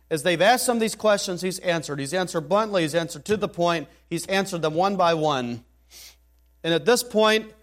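Higher-voiced man preaching a sermon. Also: fairly bright tone. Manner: expository preaching, reads scripture aloud, rises in emphasis.

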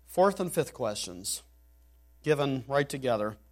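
A man's voice: mid-range voice, animated, a little slow. A man preaching an expository sermon, reading scripture aloud and building to emphatic, rising declarations.

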